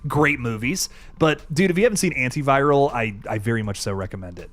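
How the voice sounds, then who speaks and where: A young adult man hosts a live horror stream, his mid-range voice expressive, brisk, and a bit bright. He's laid-back and swears often, restarting sentences a lot, with faint music playing underneath this casual livestream chat.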